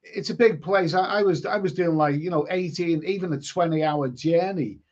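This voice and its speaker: A man's voice: on the high side, normal speed, a little mellow. A man hosting a live stream, chatting casually and reading out viewer comments, often stumbling and repeating words. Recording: lo-fi stream audio.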